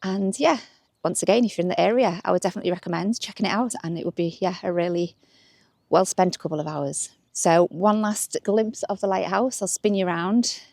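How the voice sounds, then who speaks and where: Here a young north-west English woman talks to camera on a walk beside the water, laughing readily and sounding upbeat. Her fairly quick voice sits on the low side, darkish with some vocal fry, and the clean studio sound has no room sound at all.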